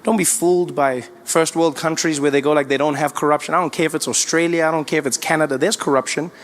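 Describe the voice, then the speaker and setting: A man from South Africa doing a stand-up comedy routine, animated and acting out voices. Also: a little high, fast talker.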